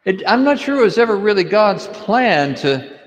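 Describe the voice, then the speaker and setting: A man as priest or deacon, reading the gospel and giving an animated homily to children, asking them questions. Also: high-pitched, moderate pace. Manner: animated storytelling, asks kids questions. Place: church. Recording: long church reverb.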